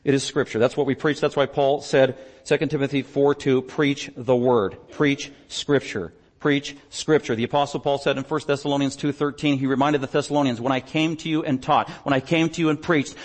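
A man preaching a sermon as pastor, emphatic, swinging between loud declarations and quiet asides. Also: medium pitch, steady tone, fairly quick, hardly any pauses. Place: church stage.

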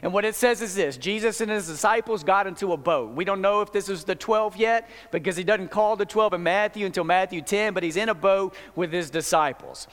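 High-voiced man preaching in a reverberant hall. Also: a little fast, hardly any pauses, fairly bright tone. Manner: conversational preaching with frequent restarts. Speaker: pastor. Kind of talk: sermon.

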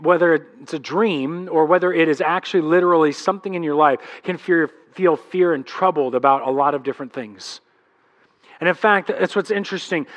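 A man's voice: sits high, fairly bright tone. A man in his thirties preaching a sermon as pastor, talking conversationally and acting out quotes.

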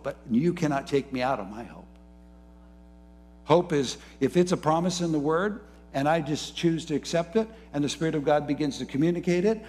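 A man preaching a sermon, moving between soft, low musing and rising, fervent emphasis. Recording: faint music behind.

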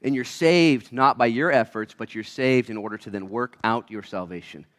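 A man preaching a sermon as a pastor, acting out little voices, swinging between loud shouts and quiet asides. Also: medium pitch, normal speed.

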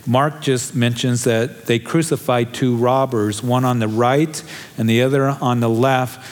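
A man's voice: medium pitch, steady tone, unhurried. A man preaching a sermon, earnest and emphatic, pressing his appeals with rising conviction. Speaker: pastor.

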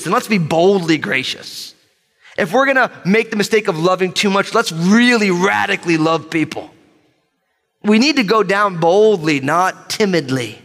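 A male pastor delivers a sermon to his church, lively and playful and calling out for amens. His voice sits a little high. A long reverb from the large church hall trails behind his words. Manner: lively, joking, calls for amens. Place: church sanctuary with live congregation.

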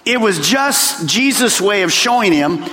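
A man preaches from the pulpit in a high, lively voice that climbs and drops with every point. He pushes some lines out loud and pulls others down to a hush. His voice rings with the long reverb of a church sanctuary. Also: measured pace. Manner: animated preaching, swings from loud to hushed. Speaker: pastor. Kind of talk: sermon.

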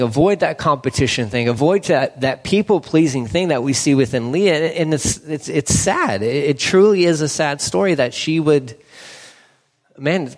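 Pastor guy preaching earnest, says stuff twice, stammers a bit, big echoey hall. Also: a little high. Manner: earnest, repeats phrases for emphasis, stammers on restarts. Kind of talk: sermon. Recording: long hall reverb.

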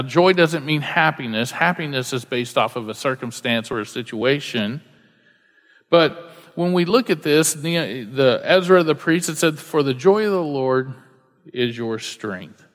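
A man's voice: mid-range voice, normal speed, fairly bright tone. Earnest preaching man in a hall. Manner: earnest preaching, repeats key lines for emphasis. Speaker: pastor. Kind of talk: sermon.

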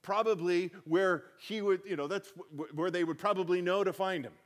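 Man, fairly high voice, conversational Bible teacher, reads scripture then explains, emphatic. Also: a little fast.

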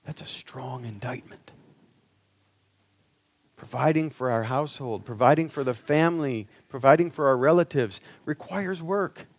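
A man's voice: mid-range voice, normal speed, no echo. A male preacher giving an earnest sermon, pressing the listeners with rhetorical questions.

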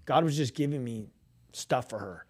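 A man chatting on a Christian radio show about his ministry. He talks loosely and animatedly, stumbles over restarts and acts out what people said. His voice sits at a middle pitch. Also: moderate pace, breathy edge. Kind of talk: casual storytelling chat.

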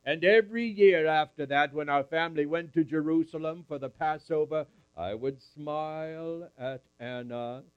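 A man's voice: on the high side, moderate pace, few pauses, clean tone, dry recording, dull audio. A man at a camp meeting, telling a Bible story in character in the first person and calling up audience volunteers. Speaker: camp speaker.

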